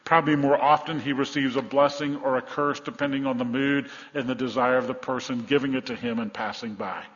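A man's voice: medium pitch, steady tone, brisk, fairly bright tone. A man preaching a sermon, telling a Bible story vividly and acting out the voices of the crowd. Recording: dull sound with long reverb in a hall.

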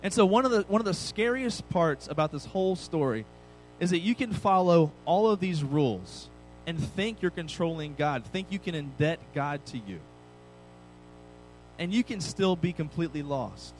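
A man's voice: fairly high pitch, expressive, moderate pace, soft background music, low-quality recording. A man in his thirties giving a casual, conversational sermon with self-deprecating humor. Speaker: pastor. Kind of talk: sermon with personal story.

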